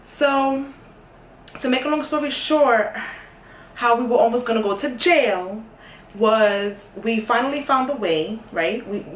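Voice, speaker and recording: A young woman telling a story in a casual, sassy way, dropping to a hush and then getting loud. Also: on the high side, measured pace, distant mic, slight background noise. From New York. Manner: animated, sassy, swings from hushed to loud. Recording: echoey room, voice off-mic.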